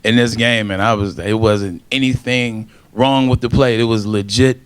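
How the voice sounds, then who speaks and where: A man with a low, smooth voice tells an excited story to a panel audience and acts out the lines of the people in it. The sound is dry and close. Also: moderate pace, no echo. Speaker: former college football player on a panel. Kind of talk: casual storytelling.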